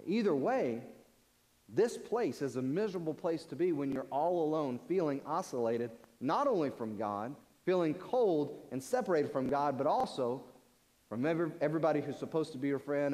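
A man's voice: a little high, lively intonation, brisk, a little mellow. A man preaching a sermon in earnest, often repeating words as he presses a point. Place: large church sanctuary. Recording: long church-hall reverb.

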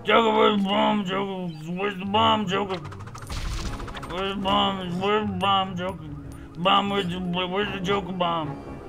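A man's voice: sits high, level tone, a little slow, gravelly, over music. A man giving playful, goofy commentary while he plays a superhero video game, stammering and laughing as he goes. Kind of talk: playful let's-play commentary.

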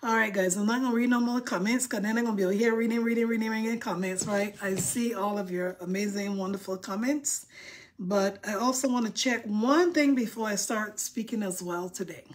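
A woman's voice: medium pitch, brisk. A woman hosting a casual livestream, chatting and reading viewer comments in a dramatic way, with informal dialect grammar. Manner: chatty, dramatic mock-crying over likes. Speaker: livestream host.

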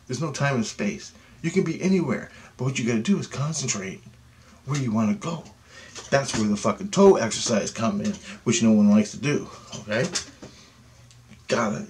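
A man's voice: medium pitch, a little hiss or hum. A man leading a guided meditation who talks in a profane, insistent way and keeps asking "okay?". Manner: grows louder and more animated as he goes. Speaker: meditation teacher.

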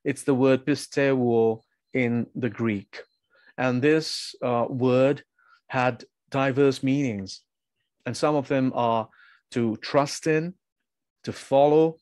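A man's voice: medium pitch, slow, darkish tone, no room sound. A man preaching a sermon, earnest and emphatic, asking his listeners pointed questions.

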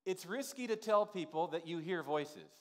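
A man's voice: high-pitched, lively intonation, normal speed. A male pastor delivering an informal, conversational sermon in a church sanctuary, full of "you know" asides.

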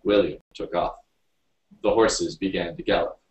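A man reading a story aloud, narrating in an unhurried storybook manner. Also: sits low, steady tone, darkish tone, muffled recording. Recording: roomy, distant mic.

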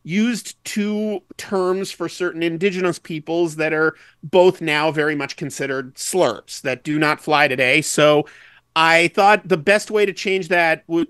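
A man talking as a guest musician on a casual podcast, chatty and joking with quick digressions. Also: a little high, bright, forceful tone, clear, resonant tone, dry recording, clean studio sound.

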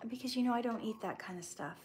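An actress hosting a casual live stream, reading viewer questions aloud and answering in a chatty, candid way. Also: female voice, fairly high pitch, fast, a crowd in the background.

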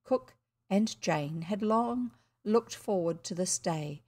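A woman with a New Zealand accent reading a classic children's story aloud, expressive with the odd slip and restart. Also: medium pitch, takes it slowly. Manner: expressive, occasional slips and restarts. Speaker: audiobook reader.

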